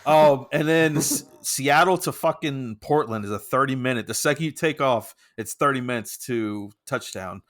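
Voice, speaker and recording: A man's voice: mid-range voice, moderate pace, few pauses, a bit bright. Laughing, swearing man telling a story. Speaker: podcast co-host. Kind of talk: casual chat.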